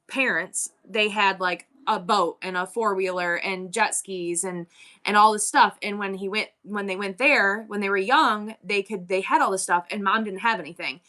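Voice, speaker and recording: A chatty woman in her forties hosts a live stream and talks straight to her viewers. Her voice has a bright, forward edge. She rambles and keeps breaking off her own sentences. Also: medium pitch. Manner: chatty, candid, rambling with self-interruptions. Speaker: live-selling stream host. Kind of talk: casual chat to live viewers.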